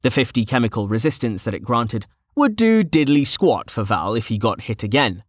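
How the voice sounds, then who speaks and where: A man narrating a fantasy audiobook in steady storytelling. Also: mid-range voice, normal speed, dry recording, clean studio sound.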